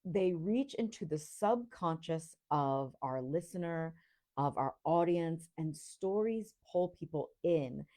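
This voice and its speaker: Low-voiced American woman coaching slowly. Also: warm tone. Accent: neutral American, Rhode Island traces on a few words. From Rhode Island, US. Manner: deliberately slow, articulate, reflective. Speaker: podcast host and voice coach. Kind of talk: teaching monologue.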